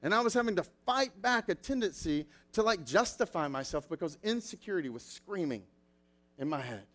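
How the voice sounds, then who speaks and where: A man preaching a sermon as pastor, telling stories with animated acted-out quotes. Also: sits high, a little fast.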